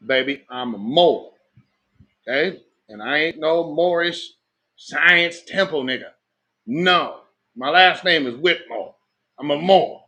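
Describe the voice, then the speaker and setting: A man's voice: on the high side, expressive, slow pace, pushed and bright. A man with a Black American accent giving loose, joking live commentary in slangy talk. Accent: Black American English. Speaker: host of a live commentary stream.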